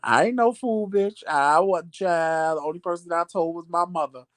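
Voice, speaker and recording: A man hosting a vlog, telling a story in casual chat, animated and sassy, acting out the back-and-forth and calling listeners "child" and "honey". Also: on the high side, moderate pace, dry recording. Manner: animated storytelling, acts out quoted exchanges. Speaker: vlog host.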